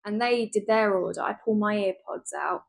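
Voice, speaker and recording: Woman, young adult vlogger, lively storyteller, mid-range pitch. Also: moderate pace, vocal fry. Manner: lively, animated retelling with laughs and asides. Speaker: travel vlogger. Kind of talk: chatty storytelling vlog.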